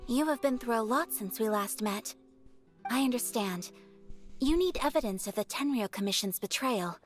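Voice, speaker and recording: A man voicing a calm, calculating noble strategist in a game, measured and composed. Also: very high-pitched, soft background music.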